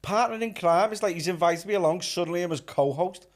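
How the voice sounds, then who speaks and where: A man's voice: sits high, quick pace. A man with a Liverpool accent co-hosting a podcast, teasing and giggling. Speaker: podcast co-host.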